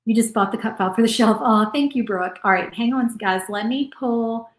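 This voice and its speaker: A woman's voice: fairly high pitch, a little fast. Chatty woman crafting live, echoey room. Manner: chatty, thinks aloud while painting. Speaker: crafting livestream host. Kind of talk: casual live crafting chat.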